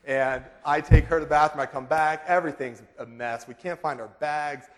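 A man in his thirties preaching a sermon, telling a lively story and acting out quotes in high voices. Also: moderate pace. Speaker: pastor. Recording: long reverb of a large hall.

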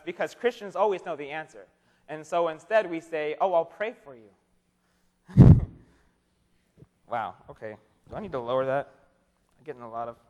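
Young male preacher, high voice, casual joking sermon, stumbles and repeats words, recorded in a hall with a long reverb. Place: chapel or hall with an audience.

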